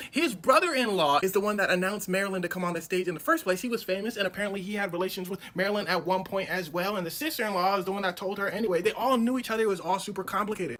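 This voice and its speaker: A man telling a history story for comedy, animated and slangy, with a conversational delivery. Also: sits high.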